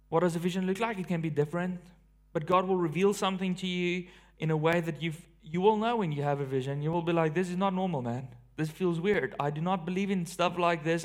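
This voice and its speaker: South African male pastor, slightly high voice, animated storyteller with loud and hushed turns. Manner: animated storytelling, swinging between loud emphasis and hushed awe. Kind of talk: sermon.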